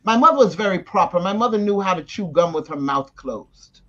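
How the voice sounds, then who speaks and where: A woman's voice: on the low side, brisk. A woman with a Jamaican accent, raised partly in Jamaica, chatting in an interview and slipping into patois. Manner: animated, switching into patois. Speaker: interview guest. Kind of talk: casual conversation. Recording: dull lo-fi audio.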